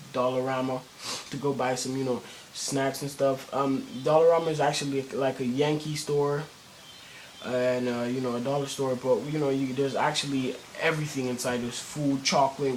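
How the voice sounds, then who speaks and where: A man's voice: medium pitch, a little mellow, slight background noise, rough recording. A teenage boy telling a story in a casual vlog, rambling with many fillers and restarts and plenty of cursing. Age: teens. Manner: cursing, slangy.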